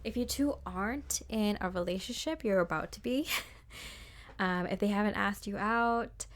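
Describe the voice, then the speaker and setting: A woman's voice: medium pitch, moderate pace. Chatty, rambling woman reading tarot. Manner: chatty and rambling, full of fillers and little laughs. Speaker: tarot card reader. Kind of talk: casual spoken tarot reading.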